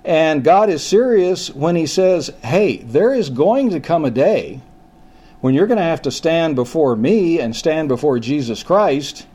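A man's voice: on the high side, darkish tone. Older male pastor preaching conversationally. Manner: folksy, halting restarts, slows down to stress points. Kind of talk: conversational sermon.

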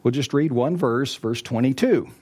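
A man preaching a sermon, reading scripture slowly and emphatically. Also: a little mellow, breathy edge. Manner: emphatic, reads scripture slowly and rises in pitch on quotes.

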